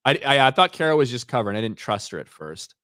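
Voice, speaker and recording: A man's voice: mid-range voice, big pitch swings, quick pace, bright, forceful tone, dry recording. Male stream host, casual and profane, rambling delivery, close dry mic. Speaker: show host reading viewer comments. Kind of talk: casual livestream chat.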